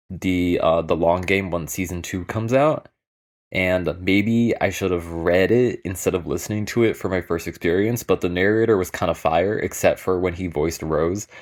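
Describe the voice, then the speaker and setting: A young man who works as a lab scientist, giving a casual, comedic talk with candid, wry humor. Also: sits low.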